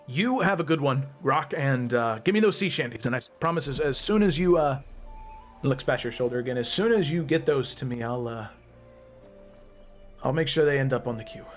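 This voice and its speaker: A man's voice: mid-range voice, animated, moderate pace, faint music behind, natural voice. A man voicing a shy young man aboard a ship who talks hesitantly and stammers. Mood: flustered. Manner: hesitant, stammering, with nervous laughs.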